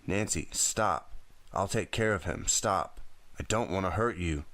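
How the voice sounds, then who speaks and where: A teenage boy from a thriller audiobook, out of breath and strained, as a male narrator voices him. The voice is low and close, recorded dry with no room sound. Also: a little slow, fairly bright tone, dry recording. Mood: urgent.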